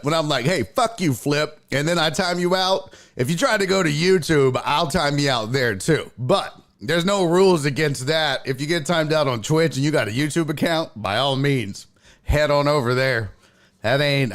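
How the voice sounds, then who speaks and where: A man's voice: a little high, fairly bright tone. A man hosting a casual sports talk live stream, reacting to his chat, laughing often and swearing freely.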